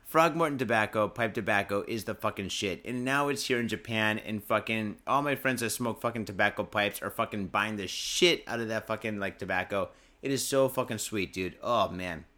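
A man's voice: lowish voice, normal speed, hardly any pauses, pushed and bright. A man hosting a casual podcast, drinking as he talks, rambling in a laid-back and profane way and reading out news stories. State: drinking booze while talking. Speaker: podcast host.

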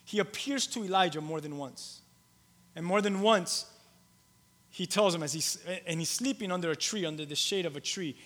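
Long hall reverb surrounds a male pastor's sermon as he shifts from booming, emphatic lines to hushed, low storytelling. He stumbles into restarts and circles back over repeated phrases.

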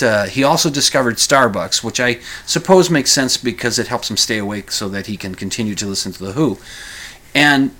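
Rambling man hosting a casual podcast. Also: pushed and bright. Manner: rambling, self-correcting, chuckles while recounting; acts out quoted lines in a higher voice. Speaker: podcast host. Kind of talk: casual storytelling monologue.

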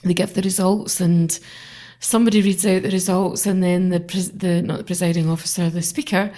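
A woman's voice: fairly low pitch, little pitch movement, fairly quick, mellow. A woman politician chatting in an interview, telling anecdotes animatedly and mimicking other people's voices. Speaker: member of parliament. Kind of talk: casual interview chat.

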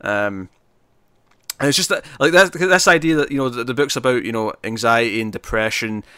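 Host, man, bright forceful tone, dry sound, casual rambling chat. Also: mid-range voice, brisk, clear, resonant tone, no room sound. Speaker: podcast host.

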